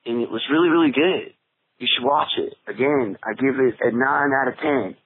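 A man's voice: mid-range voice, normal speed, husky. A man giving a casual, laid-back movie review, repeating himself and plugging his own handle. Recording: tinny phone-line recording, faint music.

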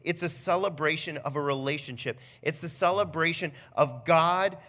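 Brief: young male pastor, bright higher voice, animated storyteller. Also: moderate pace. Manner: animated storytelling, builds to near shouting. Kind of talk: conversational Christmas Eve message.

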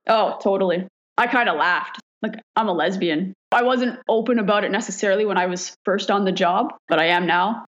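A woman firefighter from Canada telling stories in a casual interview, frank and quick to laugh, swearing freely. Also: mid-range voice. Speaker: firefighter guest. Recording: dull lo-fi recording.

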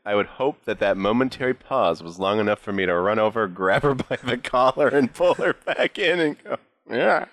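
A man's voice: fairly low pitch, animated, a little fast, few pauses, fairly bright tone, dry recording. A man playing a tabletop game, talking eagerly and chattering. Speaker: player. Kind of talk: casual tabletop play.

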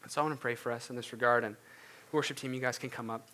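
A man's voice: medium pitch, fairly even intonation, fast talker, bright, forceful tone. A man preaching a casual, earnest sermon as a pastor and then praying, talking in a loose, conversational way. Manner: earnest, conversational, many fillers and restarts. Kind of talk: casual sermon ending in prayer.

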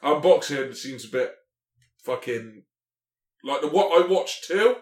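A man in his late twenties co-hosting a casual podcast, rambling and swearing, his voice dropping low at the ends of thoughts. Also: animated, measured pace. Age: 20s. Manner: sweary, rambling, trails off quietly. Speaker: podcast co-host. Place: small studio room. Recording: echoey studio room.

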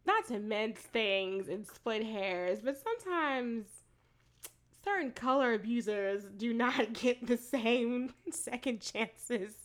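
Female podcast co-host, slightly high voice, animated and profane storyteller for a casual chat. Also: takes it slowly. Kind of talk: casual chat recapping a TV show.

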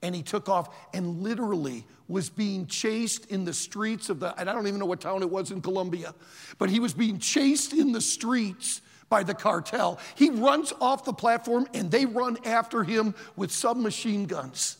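A man in his sixties preaching a sermon, telling a story in a dramatic, animated way. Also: sits high, normal speed, gravelly, big-room sound.

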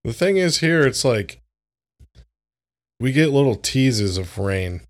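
A man's voice: mid-range voice, sing-song, slow. A young man co-hosting a podcast, talking in an easygoing, slangy way while tired and yawning. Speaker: podcast co-host. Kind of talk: casual chat.

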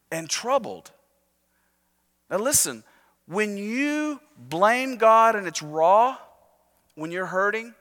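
Bright-voiced pastor preaching in a hall. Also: male voice, high voice. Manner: conversational preaching with jokes, slowing and softening for emphasis. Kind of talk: sermon. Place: church sanctuary. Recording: long reverb of a church hall.

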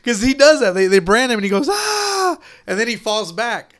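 A man chatting casually about movies, animated, swearing freely and acting out scenes. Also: sits high, fast talker. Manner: animated, swears a lot, acts out movie lines loudly.

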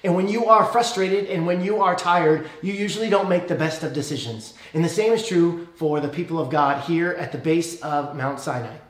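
A man's voice: on the high side, moderate pace, few pauses, reverberant. A man preaching a sermon in a conversational way, often checking in with "okay?".

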